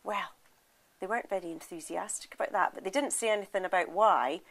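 A woman with a Scottish accent telling a folk tale aloud, expressive and lively, speaking straight to her listeners. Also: mid-range voice, a little fast. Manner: lively, expressive, addresses the audience. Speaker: storyteller. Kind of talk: oral storytelling.

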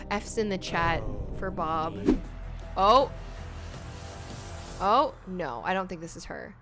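A woman streaming a game in casual chat, gushing and excitable, often breaking into laughter. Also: fairly low pitch, slow. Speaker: gaming streamer. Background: background music.

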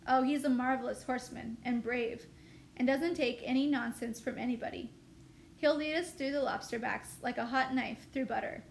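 A woman's voice: sits high, fairly even intonation, normal speed, gravelly, slight background noise. A woman reading a novel aloud, voicing a proud, cocky young man in a plain, lightly voiced way.

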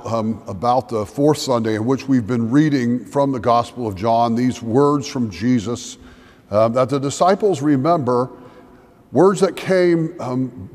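A middle-aged man, a pastor, preaching a measured, reflective sermon in a church sanctuary. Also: medium pitch, a little mellow. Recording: long church reverb.

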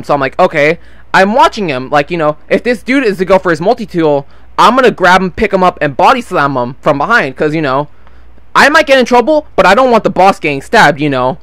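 High-voiced rambling teen storyteller man. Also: a bit bright, no echo. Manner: rambling, swears freely, loses his train of thought. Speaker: gameplay vlogger. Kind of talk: casual storytelling over gameplay.

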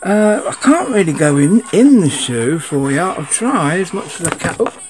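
A man's voice: sits high, very animated, normal speed, noisy background. A man giving a casual, rambling unboxing chat, grumbling and swearing at his camera. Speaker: sneaker vlogger.

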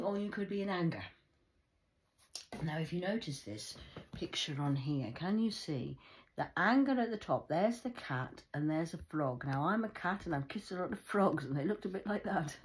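A woman giving a rambling, scolding spiritual card reading, with theatrical swings of voice. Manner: scolding, theatrical, sudden pitch jumps.

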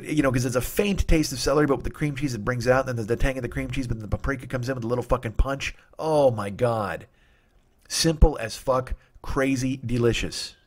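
Guy in his 40s ranting about food for his podcast, swears a lot, rambly and nostalgic. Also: medium pitch. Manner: profane, rambling, nostalgic rants. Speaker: comedy podcast host. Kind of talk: rambling comic monologue.

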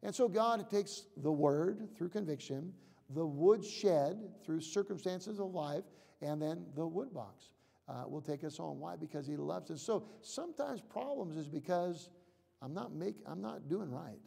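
A man preaching a sermon as pastor, repeating himself, dropping to a hush for prayers and rising loud to drive points home. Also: on the high side, animated, a little slow, creaky. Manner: preaching with repetitions and acted prayers; drops to a hush for prayers, rises loud when driving a point. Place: church sanctuary. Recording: reverberant church hall.

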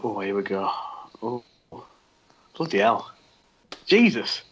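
A man's voice: on the low side, very animated, slow, muffled recording, a little hiss or hum. A man co-hosting a podcast, giggly, flustered and self-mocking, with a tickly throat that makes him cough. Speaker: podcast co-host. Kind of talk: casual podcast banter.

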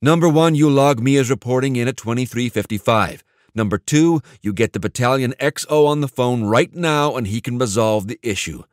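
A man's voice: fairly low pitch, fairly quick, dry recording, studio quality, natural voice. A man narrating an audiobook and voicing a young male Marine officer who turns commanding and barks orders.

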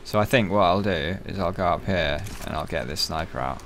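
A man giving profane, excitable, joking let's-play commentary. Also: low voice, a little fast, background noise. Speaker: gaming channel host.

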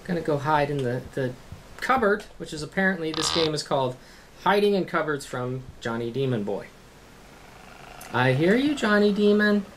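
A gaming host talks through a let's-play, cursing and yelling at the game in frustration. The voice sits at a middling pitch. Steady background noise runs under the recording. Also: moderate pace.

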